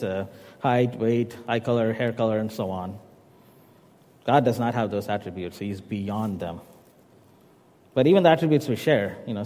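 A man preaching a sermon in a church, teaching in a measured way with casual asides to the congregation. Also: medium pitch, a little mellow, in a large hall. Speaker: pastor. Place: church sanctuary.

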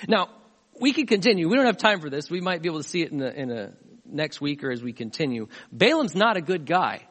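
A man pastor delivering a sermon, retelling a scripture story in an animated way, with asides to the congregation. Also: on the high side, brisk. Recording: long hall reverb.

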